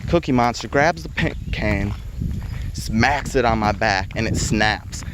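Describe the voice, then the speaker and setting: Low-voiced young man swearing through a story. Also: lively intonation, unhurried, background noise. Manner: heavy swearing, laughs between lines. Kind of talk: casual spoken storytelling.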